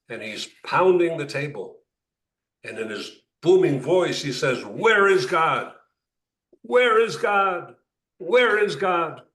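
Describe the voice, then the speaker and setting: A rabbi leads an interactive class, cracking jokes and often repeating words while he thinks. His voice is mid-range with a fairly bright tone. The room is echoey and the mic sits far off.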